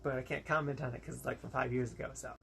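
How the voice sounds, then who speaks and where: A man's voice: medium pitch, fairly even intonation, rapid-fire, creaky, fairly bright tone, slight background noise. A young American man giving a casual, rambling movie review, frank and exasperated, with lots of fillers and quoted asides. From United States.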